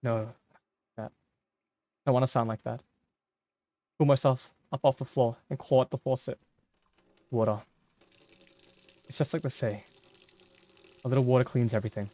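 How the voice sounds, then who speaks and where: A male streamer reads a story game aloud, slow and somber, in a mid-range voice. The sound is dry and close, with no room around it. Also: mid-range voice, steady tone, warm tone, no echo. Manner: slow, somber, measured reading.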